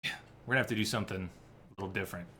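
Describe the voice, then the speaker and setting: A man streaming a game, thinking aloud in casual commentary with sudden loud outbursts. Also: sits low, quick pace, a little hiss or hum. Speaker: gameplay streamer.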